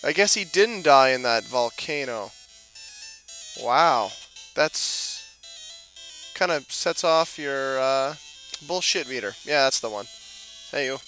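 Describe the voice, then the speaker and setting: A man's voice: mid-range voice, expressive, slow, long pauses, pushed and bright, soft background music, rough recording. A man doing casual gameplay commentary, cracking jokes, swearing and talking back to the game characters. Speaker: let's play commentator.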